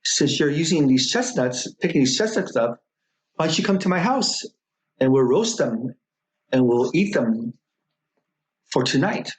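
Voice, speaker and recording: Sly old mountain witch lady, a guy putting her on, sugary and sneaky, slow careful delivery. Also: medium pitch, very animated. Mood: sweetly coaxing. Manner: sweet coaxing that turns menacing.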